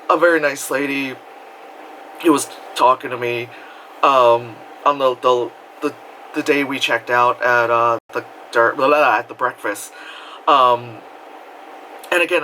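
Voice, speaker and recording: A man with a New York accent telling a casual, animated, profane story on his vlog, often laughing. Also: medium pitch, a little hiss or hum, rough recording. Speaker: vlogger.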